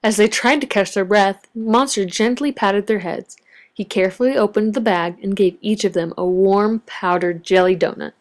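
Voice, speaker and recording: A woman reads a children's picture book aloud in a mid-range voice. Her storytelling is expressive and varied. She gives the story a gentle read-aloud lilt. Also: medium pitch, normal speed. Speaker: storybook reader.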